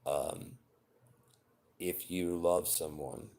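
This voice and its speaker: A man's voice: deep voice, steady tone, very slow, vocal fry, darkish tone. A man in his forties giving blunt, profane, earnest relationship advice in an unscripted personal monologue. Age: 40s. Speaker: vlogger.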